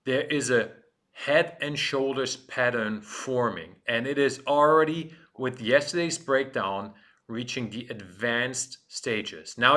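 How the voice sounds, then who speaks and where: A man's voice: medium pitch, fairly bright tone. A man hosting a trading show, talking through market charts in an urgent, emphatic way with dramatic build-ups. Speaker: show host and head of trading. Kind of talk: energetic market commentary.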